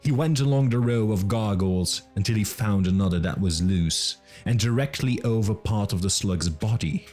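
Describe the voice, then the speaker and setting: Deep-voiced man narrating an audiobook. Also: a little mellow, faint music behind. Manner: measured, dramatic reading. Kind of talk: scripted narration.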